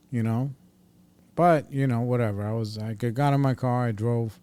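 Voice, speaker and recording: A man's voice: medium pitch, normal speed, warm tone, smooth, dry recording. Blunt profane New man. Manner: blunt, profane, streetwise storytelling. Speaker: podcast host. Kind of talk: casual storytelling monologue.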